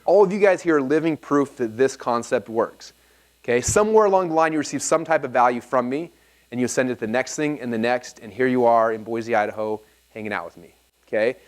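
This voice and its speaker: A thirties-aged man with a medium-pitched, brisk voice addresses a live audience in an event hall at a business seminar. He tells stories with animation, acting out the dialogue as part of his storytelling talk.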